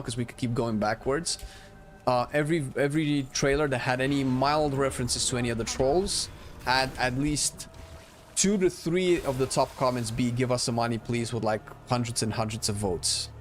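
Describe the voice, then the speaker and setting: A man's voice: medium pitch, slight background noise. Joking male streamer. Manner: chatty, joking, thinks aloud. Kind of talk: casual gameplay commentary.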